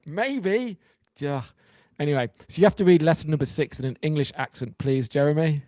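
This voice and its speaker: A man's voice: on the high side, fast talker, mellow, no room sound. A man co-hosting a podcast, reading from an essay and riffing on it with wry, joking asides. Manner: wry, jokey, reads then riffs. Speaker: podcast co-host. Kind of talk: casual chat reading an essay.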